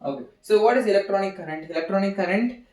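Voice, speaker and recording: A man's voice: sits high, a little mellow. Young man teaching with echoey distance. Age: young adult. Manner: halting, repeats phrases while writing on a board. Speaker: student giving a physics seminar. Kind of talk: informal physics lesson. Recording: echoey room, voice from off-mic.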